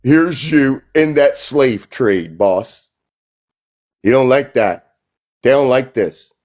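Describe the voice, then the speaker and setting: A man's voice: mid-range voice, slow pace, darkish tone. A man hosting a live stream, arguing in a confrontational, mocking way and repeating his phrases. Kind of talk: heated live-stream argument.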